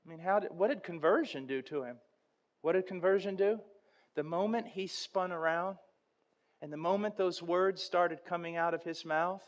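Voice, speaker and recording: Brief: fervent male preacher, high voice, storytelling sermon that swells in intensity. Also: moderate pace, gravelly. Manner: impassioned, builds to near-shouting intensity.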